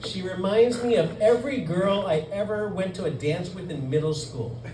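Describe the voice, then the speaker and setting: A man hosts a comedy night and introduces the next comic with jokes, his voice pitched high for a man. He is recorded from far off in an echoey club with clear background noise. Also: moderate pace. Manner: joking, building up to a cheer. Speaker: show host. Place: comedy club stage with audience.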